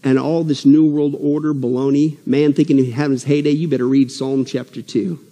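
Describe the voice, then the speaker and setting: A man preaching a sermon at a prophecy conference, joking and animated, swinging from loud emphasis to soft asides. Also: mid-range voice, brisk. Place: church hall. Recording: long hall reverb.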